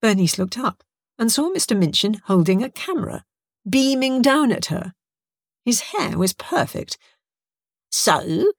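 A woman narrating an audiobook in a lively, expressive storytelling manner. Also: on the high side, normal speed, no room sound, clean studio sound.

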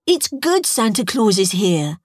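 A woman voicing a young, excitable male alien sea creature who talks in an eager, pleading way. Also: medium pitch, measured pace, no echo, clean studio sound, pitched above the performer's own voice.

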